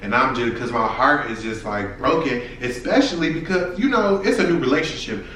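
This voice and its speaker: A man's voice: medium pitch, lively intonation, brisk, a bit bright, distant mic, a little hiss or hum. A young man telling a personal story to his viewers in a frank, profane, casual way. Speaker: vlogger. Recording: echoey room, voice from off-mic.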